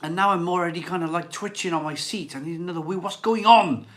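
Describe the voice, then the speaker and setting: A man in his forties hosts a relaxed live stream about beer, reading viewer comments aloud as he goes. His voice sits a little high and sounds bright and forward. He rambles, repeats his phrases and laughs easily. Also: fast, slight background noise. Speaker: beer channel host reading live chat. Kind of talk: casual live-stream chat.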